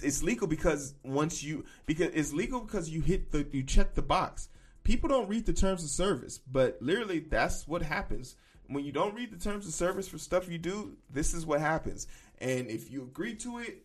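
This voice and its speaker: Blunt, profane podcast host ranting. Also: male voice, a little high. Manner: blunt, profane, riffing with loud emphatic bursts. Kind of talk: casual opinion commentary.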